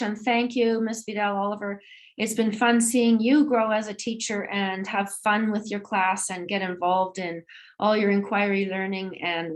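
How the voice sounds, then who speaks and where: A middle-aged woman on a video call, presenting a school assembly in an upbeat, encouraging way. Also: medium pitch. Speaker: school administrator hosting an assembly.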